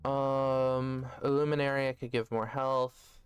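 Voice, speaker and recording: A man's voice: mid-range voice, flat delivery, measured pace, clear, resonant tone. A man giving casual let's-play commentary, joking and thinking aloud as he plays. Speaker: gaming video host.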